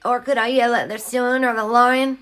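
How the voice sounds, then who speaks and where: A woman speaking at home in an earnest, heartfelt spiritual monologue, now and then drifting into soft singing. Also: fairly high pitch, level tone, normal speed. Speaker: vlogger sharing grief healing. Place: home, in her child's room.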